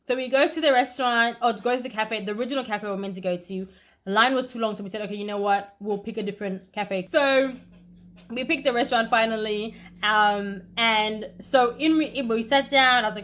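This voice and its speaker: A young woman vlogger telling a story in a casual, animated way, talking fast with bursts of emphasis. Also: a little high.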